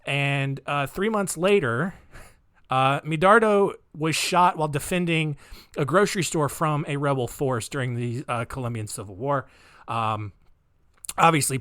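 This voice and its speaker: A man's voice: on the high side, a bit bright, dry recording, studio quality. A man hosting a casual true crime podcast at home, joking and rambling with many fillers. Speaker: podcast host. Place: home recording space.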